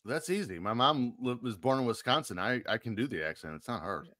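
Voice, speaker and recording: A man's voice: mid-range voice, animated, fairly quick, a bit bright, no room sound. A man co-hosting a podcast, reading movie facts and cracking dry jokes in casual chat. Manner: dry, wisecracking. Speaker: podcast co-host.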